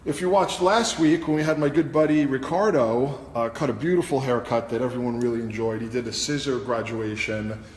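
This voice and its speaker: Brisk and barely pausing, a mid-range male voice belongs to a hairstylist and host giving a live haircut lesson. He's chatty, explaining each step as he cuts, inside an echoey salon studio with long reverb and faint ambience.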